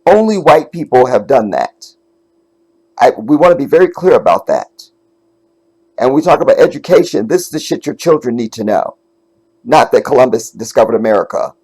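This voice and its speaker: A man's voice: medium pitch, big pitch swings, moderate pace, a little mellow, slightly rough. Profane, emphatic man reacting to clips. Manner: emphatic, profane, talks straight to viewers. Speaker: commentator host. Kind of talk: casual reaction commentary.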